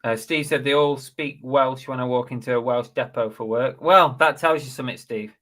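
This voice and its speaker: A man with a mid-pitched voice hosts a casual live stream. He reads out comments and donations, slipping in dry jokes along the way. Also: normal speed, a bit bright. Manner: dry, joking asides while reading donations. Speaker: host of a live reselling chat.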